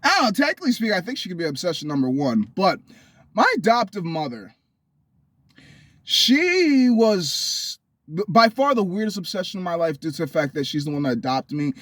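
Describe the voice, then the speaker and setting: A man's voice: high-pitched, very animated, brisk, fairly bright tone, no room sound. Blunt, profane man telling his story. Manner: blunt and profane, rambling with restarts. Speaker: vlogger. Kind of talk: candid personal storytelling.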